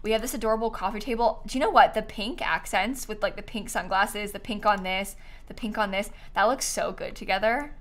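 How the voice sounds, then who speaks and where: A woman's voice: mid-range voice, fairly quick. A young woman doing casual live-stream commentary as she tours viewer builds, bubbly and giggly, gushing over what she sees.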